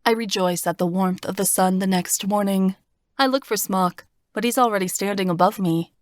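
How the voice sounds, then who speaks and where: A woman reading a first-person fantasy audiobook in a steady, expressive storytelling voice, recorded on a close studio mic. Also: medium pitch, normal speed, no echo. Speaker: audiobook narrator.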